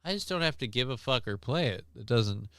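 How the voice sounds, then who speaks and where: A man's voice: medium pitch, a little fast. A man hosting a live stream, chatting casually with a co-host and joking with plenty of profanity. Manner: joking, profane, animated retellings.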